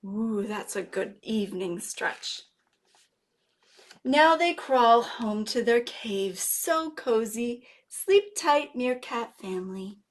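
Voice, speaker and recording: Animated woman reading a bedtime story to children. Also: fairly high pitch, slow. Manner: animated and playful, with gasps and exclamations, asking children questions. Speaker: guest librarian. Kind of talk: children's story-time read-aloud.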